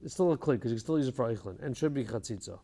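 A man's voice: medium pitch, lively intonation, rapid-fire, gravelly, mellow, big-room sound. A man teaching a casual study session, thinking aloud and asking questions, with Hebrew terms mixed into his English.

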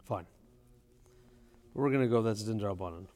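A man's voice: fairly low pitch, moderate pace, darkish tone, in a large hall, a little hiss or hum. A man teaching a casual study session, thinking aloud and asking questions, with Hebrew terms mixed into his English.

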